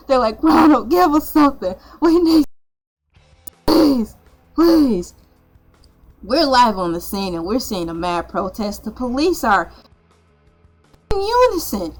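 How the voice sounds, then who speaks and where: A woman's voice: a little high, poor audio. Woman playing a frantic breathless news reporter. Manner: dramatic, exclaiming live-report patter. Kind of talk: comic news parody.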